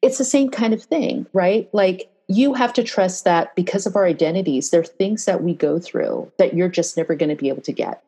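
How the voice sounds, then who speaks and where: A woman with a husky, slightly low voice speaks in a casual interview. She is earnest and direct, grows animated when telling stories, and often checks in with a quick "right?". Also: low-quality recording. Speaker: diversity and bias trainer, interview guest. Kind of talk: casual interview talk with storytelling.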